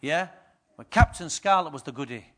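A man in middle age delivers a sermon to his church with a high, forceful, bright voice. He tells stories in a lively way and acts out the people in them. He swings between quiet, confiding asides and loud, punchy lines. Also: moderate pace. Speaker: pastor.

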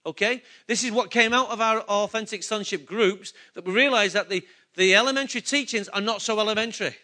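Male preacher, high and bright, casual sermon delivery full of questions. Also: fairly quick. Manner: conversational, asks the congregation questions. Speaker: pastor.

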